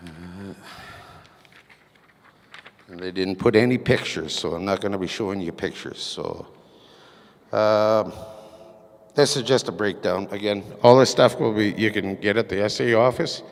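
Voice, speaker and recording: A man giving a council portfolio report at a community meeting, halting with many fillers and reading from his notes. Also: on the low side. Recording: echoey meeting hall reverb.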